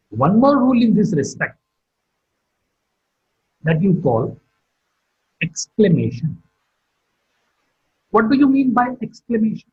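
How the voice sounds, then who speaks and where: A man giving a phonetics lecture online, speaking slowly and deliberately and repeating example sentences with stress on the last word. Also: on the high side, slightly rough. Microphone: computer or phone mic for online class. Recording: dull, muffled lo-fi audio.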